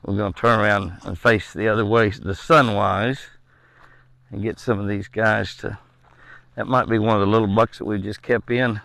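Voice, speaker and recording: A man's voice: lowish voice, steady tone, normal speed, gravelly, a bit bright, dry recording. A man filming deer outdoors on his ranch with a handheld camera, chatting casually and coaxing the animals to come close. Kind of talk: casual outdoor vlog narration.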